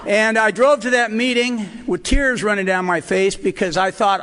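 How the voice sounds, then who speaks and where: A man's voice: sits high, moderate pace, hardly any pauses, a bit bright. An older man sharing his personal recovery story at a meeting, earnest and emotional, with wry asides. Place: hotel meeting hall. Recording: reverberant hall recording.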